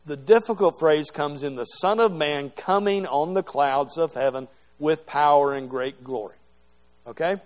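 A middle-aged man with a fairly high voice and measured pace gives a Bible class lecture to a group. Set in a classroom or church hall, his talk is conversational and interactive, sprinkled with "okay?" check-ins.

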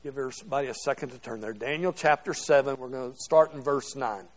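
Medium-pitched and quick, a middle-aged man teaches a Bible class to a group in a classroom or church hall. He speaks conversationally, making the lecture interactive by checking in with "okay?"

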